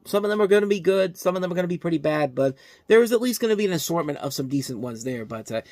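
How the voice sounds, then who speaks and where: A man's voice: a little high, very fast, dry recording. A man hosting a movie review show, ranting with exasperation and often restarting his sentences. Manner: animated ranting, exasperated, self-interrupting. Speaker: film review show host. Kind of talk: casual movie review monologue.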